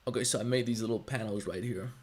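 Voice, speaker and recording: A man's voice: on the low side, fairly even intonation, fast talker, a little mellow. A man chatting casually on a live stream, giving blunt, profane advice in a lecturing way.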